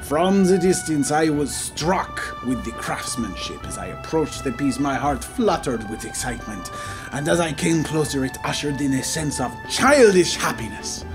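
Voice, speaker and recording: A man voicing a pompous male art critic with a put-on French accent, reading in a slow, flowery, dramatic way. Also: fairly high pitch, sing-song, music in the background. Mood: grandiose. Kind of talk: game let's play commentary.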